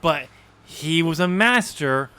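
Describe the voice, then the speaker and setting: A man's voice: fairly high pitch, animated, slow, pushed and bright, clean tone. A man co-hosting a podcast in casual chat, rambling with lots of ums and easy laughs. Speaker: podcast co-host.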